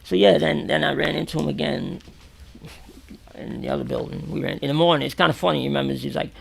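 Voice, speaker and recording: This man's voice is a little high, fast and marked by vocal fry. Sitting in a radio or podcast studio as an interview guest, he is from New York and tells prison stories in a casual, animated way, swearing freely and acting out what people said with loud exclamations.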